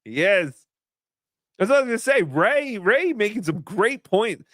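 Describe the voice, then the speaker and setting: A man's voice: high-pitched, big pitch swings, normal speed, fairly bright tone, dry recording, studio quality. A man hosting a casual livestream, reading chat donations aloud in a rambling, joking, self-deprecating way.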